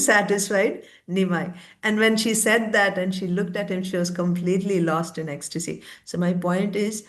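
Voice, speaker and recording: Woman teacher retelling a scripture story. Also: fairly low pitch. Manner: conversational, with fillers and asides.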